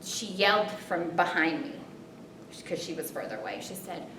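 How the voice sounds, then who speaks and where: A woman performing a spoken story, expressive, her voice jumping high in tense moments and softening when reflective. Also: moderate pace, a little hiss or hum. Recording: roomy, distant, rumbling background.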